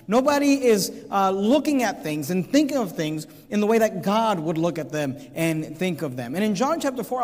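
A pastor delivers an earnest sermon, driving his points home by repeating key phrases. His voice sits fairly high for a man. The sound carries a long reverb, as in a church sanctuary. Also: a little mellow.

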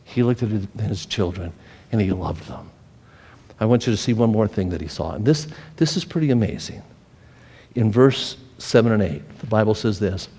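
A man's voice: lowish voice, animated, normal speed, mellow, slightly rough, big-room sound. A male pastor preaching a sermon, telling a personal story with feeling and often repeating and restarting his phrases.

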